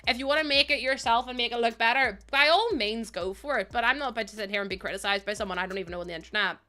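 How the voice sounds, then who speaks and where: Chatty bright-voiced young woman. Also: fairly high pitch, racing. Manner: chatty, rambling storyteller who laughs often. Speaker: game streamer. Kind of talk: casual chat while streaming. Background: faint background music.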